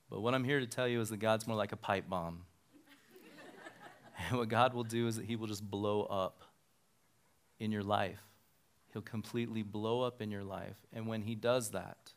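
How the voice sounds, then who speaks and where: A man's voice: medium pitch, clear, resonant tone. A middle-aged man, a pastor, telling a personal story as a sermon and acting out the dialogue he quotes. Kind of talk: sermon testimony.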